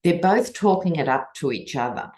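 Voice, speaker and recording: A woman's voice: sits low, lively intonation, normal speed, a little mellow. A woman with an Australian accent doing a tarot reading and talking to camera in a chatty, digressive, wry way. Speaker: tarot reader and political commentator. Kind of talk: casual chat to camera.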